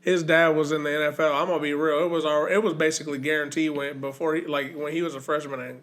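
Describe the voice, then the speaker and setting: Fairly high-voiced man rambling about football. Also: flat delivery, fast talker, a bit bright. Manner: rambling, laughing, profane. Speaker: podcast co-host. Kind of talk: casual sports chat.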